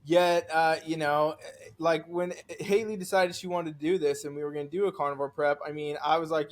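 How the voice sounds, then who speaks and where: Guy coach hosting a chat, kinda high voice, lots of "you know". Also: fairly even intonation, a little fast. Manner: conversational, with frequent "you know" and "right". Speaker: coach and host. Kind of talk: casual podcast chat.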